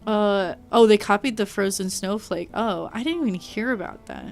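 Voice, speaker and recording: A woman's voice: medium pitch, moderate pace, creaky, soft background music. A woman streaming a video game, chatting casually and rambling to her chat, sometimes talking with her mouth full. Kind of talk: casual live-stream chat while gaming. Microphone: desk mic.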